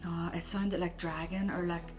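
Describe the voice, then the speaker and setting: A woman's voice: on the low side, little pitch movement, normal speed, soft background music. A woman on a ghost hunt in an old castle at night, speaking in a matter-of-fact but uneasy way. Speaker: paranormal investigator. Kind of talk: casual ghost-hunt chat.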